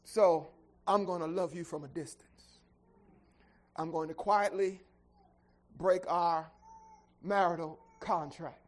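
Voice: medium pitch, steady tone, natural voice. Joseph, a preacher playing a heartbroken betrothed man. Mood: tender, resigned. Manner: earnest, pleading speech that turns to frantic, rapid suspicion. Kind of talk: sermon storytelling.

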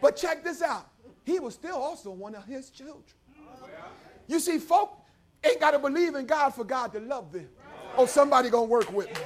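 A man preaching a story-driven sermon in a church, calling for responses and building to shouted praise. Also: very high-pitched, expressive, normal speed.

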